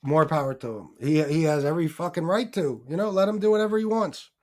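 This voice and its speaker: A man's voice: a little high, fast. A man hosting a casual live stream, talking off the cuff with heavy swearing, many fillers and restarts, and reading viewer donations aloud. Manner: profane, rambling, lots of fillers and restarts; turns heated and emphatic when ranting.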